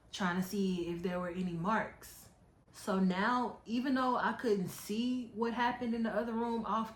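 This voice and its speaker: Young woman telling a story in an echoey room. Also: medium pitch. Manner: candid, animated retelling. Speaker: storytime vlogger. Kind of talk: casual storytelling.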